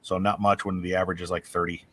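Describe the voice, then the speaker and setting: A married man co-hosting a casual chat, telling stories with animated, opinionated swings and some swearing. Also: low voice, fast talker, a little hiss or hum. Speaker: podcast co-host.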